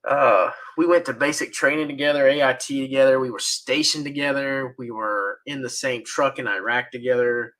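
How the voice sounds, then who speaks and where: A man co-hosting a podcast, chatting casually, pausing and restarting as he tells an army story. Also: medium pitch, steady tone, fairly bright tone. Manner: halting, restarts often, laughs along. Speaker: podcast co-host. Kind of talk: casual chat.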